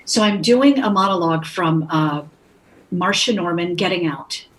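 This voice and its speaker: A middle-aged actress, appearing as a guest, tells animated stories in conversation and acts out the people she quotes. Her lowish voice moves at normal speed, though the audio is poor.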